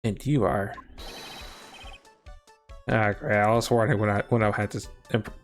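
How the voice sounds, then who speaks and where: Man let's-player, gravelly, wry, voicing the defense lawyer. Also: on the low side, flat delivery, brisk, soft background music. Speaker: let's play narrator voicing the hero lawyer. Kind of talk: casual game let's play voice acting.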